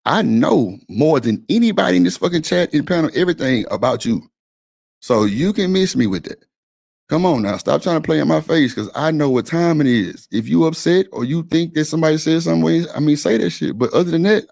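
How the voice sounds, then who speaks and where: Guy with a gravelly voice going off on a stream, blunt and repetitive, cussing a lot. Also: fairly high pitch, expressive, a little fast, a little mellow. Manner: blunt, insistent, repeats himself, swears freely. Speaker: stream panel host. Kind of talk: heated argument on a live stream.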